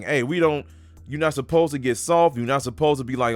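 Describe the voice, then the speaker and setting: A male preacher with a voice pitched a little high and a dry, close sound, with faint music underneath. He talks emphatically in casual street-talk phrasing, reads scripture and often tacks on "man.". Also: brisk, no echo.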